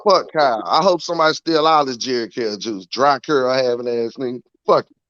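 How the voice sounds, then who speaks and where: A man's voice: medium pitch, a little fast, no room sound, dull audio. A man calling in to fire off a long string of profane roasting insults at someone. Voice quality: animated, insult-slinging, profane.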